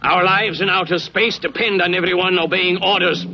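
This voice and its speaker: A man's voice: sits high, steady tone, moderate pace, slight background noise. A man playing a stern, formal scientist who captains a spaceship, in an old cartoon dub. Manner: commanding, formal. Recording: dull old dub with music.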